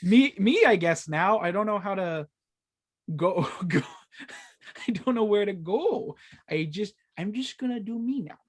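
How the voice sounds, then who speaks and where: A man's voice: high-pitched, lively intonation, a little slow. Guy co-hosting a gaming podcast, goofs around, laughs all the time. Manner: jokey, laughs often, slips into silly voices. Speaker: podcast co-host. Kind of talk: casual chat.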